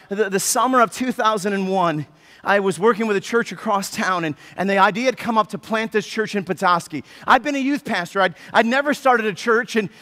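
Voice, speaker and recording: A man preaching a sermon as pastor, telling the story with animated, lively delivery and acting out the people in it. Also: sits high, in a large hall. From United States. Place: church sanctuary.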